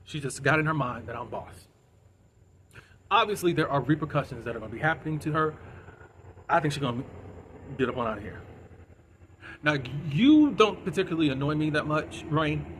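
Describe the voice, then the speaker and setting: A man hosting his own channel, chatting casually through a recap of a TV episode and filling in the scenes with quick asides and "da, da, da.". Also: a little high, lively intonation, fairly bright tone, a little hiss or hum.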